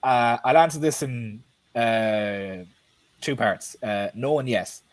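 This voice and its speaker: A man's voice: mid-range voice, slow pace, no echo. Chatty male stream host. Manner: chatty, blunt, swears casually. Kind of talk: casual live-stream chat.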